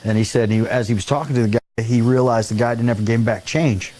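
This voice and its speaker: A man hosting a casual talk show, telling a long anecdote with animated quoted voices and frequent laughter. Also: medium pitch, fast talker. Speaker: show host. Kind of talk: casual storytelling chat.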